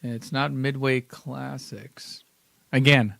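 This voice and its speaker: A man's voice: a little high, unhurried, a bit bright, dry recording, clean studio sound. A man co-hosting a podcast in casual comedic chat, sarcastic and mocking himself. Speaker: podcast co-host.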